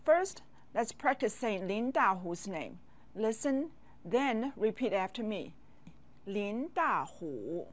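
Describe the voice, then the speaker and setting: Slow patient woman teacher, bit high voice, leads repeat-after-me drills. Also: expressive. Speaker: language teacher. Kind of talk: classroom language lesson.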